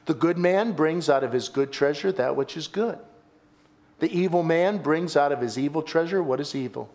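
A man's voice: on the high side, normal speed, darkish tone. A male pastor preaching a sermon, telling a story with dramatic emphasis and repetition and calling his listeners folks.

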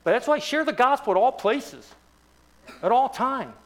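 A man's voice: very high voice, expressive, normal speed, fairly bright tone. A man in his sixties preaching an evangelistic sermon to a church congregation, joking and quizzing the crowd with rhetorical questions. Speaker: guest preacher.

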